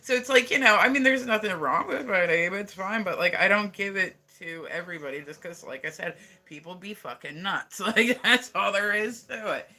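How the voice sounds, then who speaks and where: His voice sits high with a sharp tone, moving at normal speed with hardly any pauses. He's a live streamer from the United States, rambling profanely in casual chat and saying "like" almost constantly.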